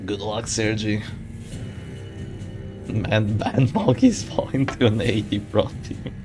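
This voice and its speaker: A man's voice: lowish voice, fairly even intonation, slow pace. A man casting a game tournament live in casual play-by-play, bantering with and answering his live chat. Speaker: tournament caster. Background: game music.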